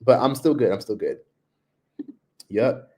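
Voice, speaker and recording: A man's voice: animated, a little slow, a little mellow. Man livestreaming from his laptop, casual and rambling. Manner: chatty, frequent "like", mimics others in high voices. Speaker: livestream vlogger.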